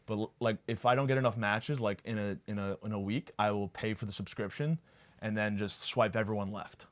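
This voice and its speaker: A man's voice: lowish voice, steady tone, a little fast. A young man hosting a podcast, rambling through a profane, self-deprecating comedic monologue. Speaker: podcast host.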